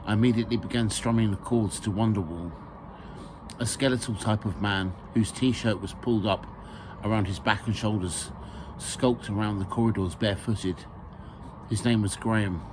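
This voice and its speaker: A man's voice: fairly low pitch, fairly even intonation, moderate pace, background noise. A man reading his own memoir aloud, hesitant with fillers and a dry sense of humour.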